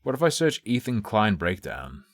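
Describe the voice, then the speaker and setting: A man's voice: lowish voice, sing-song, moderate pace. A man streaming live, chatting casually and thinking aloud in a rambling, profane way. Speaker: livestreamer.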